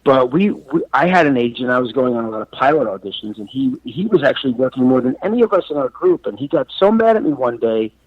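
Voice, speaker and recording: A man in his forties, a comedian and actor from New York and Florida, telling stories as a podcast guest. He acts out quoted lines loudly and swears freely. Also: medium pitch, animated, fast, hardly any pauses, no echo. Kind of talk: casual podcast storytelling. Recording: dull, dry sound.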